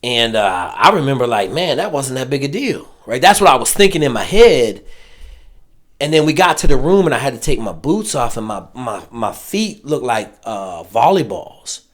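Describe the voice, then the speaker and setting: A former Navy SEAL tells stories casually and profanely in a medium-pitched voice at normal speed. He's animated and often acts out what other people said.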